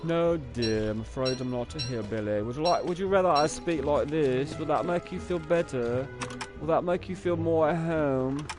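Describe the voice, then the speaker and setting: A man's voice: a little high, normal speed, music in the background, voice pushed up, lightly acted. A man putting on the voice of a prim, affected, over-proper speaking man, asking mock-polite questions in a mincing way.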